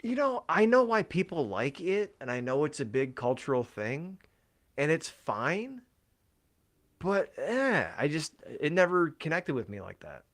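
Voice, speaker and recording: A man's voice: fairly high pitch, big pitch swings, moderate pace. A man co-hosting a casual podcast, rambling and swearing freely with lots of fillers, his voice tired from talking all day. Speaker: podcast co-host.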